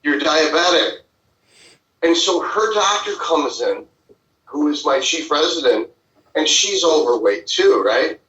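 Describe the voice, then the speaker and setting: A man's voice: fairly high pitch, big pitch swings, measured pace, fairly bright tone. A man who is a physician and podcast host, telling stories in casual chat with blunt, profane language. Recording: roomy, distant, dull lo-fi sound.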